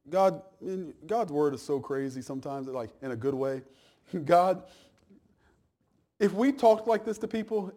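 A man, a pastor, preaching a conversational sermon, teasing the congregation and acting out little asides, swinging from loud emphasis down to quiet, low remarks.

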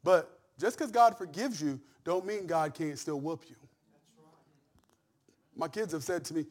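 A man with a high voice preaches with real fire. He drops to near-whispers for personal stories, then climbs into loud, shouted peaks. Dry, joking asides keep it folksy. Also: a little slow, pauses often. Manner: animated preaching that swings from soft asides to shouted climaxes; humorous, folksy storytelling with laughs. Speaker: pastor. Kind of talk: sermon.

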